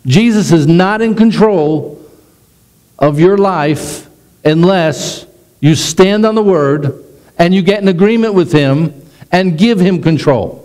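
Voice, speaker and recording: A middle-aged man, a pastor, preaching a sermon with animated delivery that slows down for emphasis. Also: sits high, rough recording.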